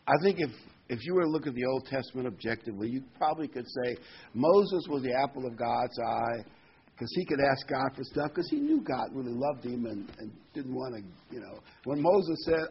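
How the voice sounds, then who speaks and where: A man preaching a sermon in a folksy, rambling way, often correcting himself. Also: mid-range voice. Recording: dull lo-fi recording, faint background hiss.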